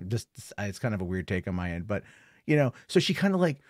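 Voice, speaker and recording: A man's voice: medium pitch, big pitch swings, brisk, a little mellow, dry recording, studio quality. A man giving a casual spoken film review, rambling with lots of fillers and an amused tone.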